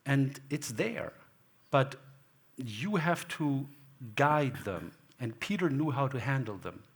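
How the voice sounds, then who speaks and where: Speaking slowly with a husky, medium-pitched voice and lively intonation, a man addresses an audience in a gallery hall. As the guest photographer, he tells rambling stories and acts out exchanges he remembers.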